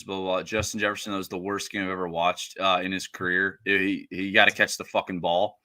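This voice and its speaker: A man's voice: deep voice, fairly even intonation, normal speed, hardly any pauses, bright, forceful tone, dry recording. A man co-hosting a sports podcast, talking bluntly and with plenty of swearing, exasperated with his team. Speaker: podcast co-host. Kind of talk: casual sports chat.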